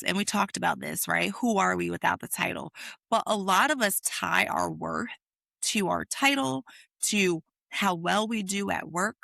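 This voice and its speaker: A woman with a gravelly, fry-laced voice speaks emphatically and with passion on a podcast. Her tone is bright and forceful. The sound is dry and close to the mic. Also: fairly low pitch, no room sound. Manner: impassioned, emphatic, swears freely. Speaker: podcast co-host. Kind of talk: casual chat.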